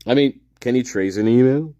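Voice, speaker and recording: A man's voice: medium pitch, brisk, dark tone, no room sound, dull audio. A man hosting a livestream, rambling and exclaiming with lots of profanity. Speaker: livestream host. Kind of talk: casual livestream commentary.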